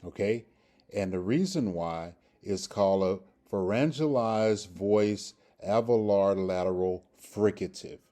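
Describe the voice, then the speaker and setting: A man with a deep, dark voice teaches a Hebrew grammar lesson at an unhurried pace. He repeats words and pronunciations and keeps checking in with his listeners with "okay" and "all right". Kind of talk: screen-share grammar lesson.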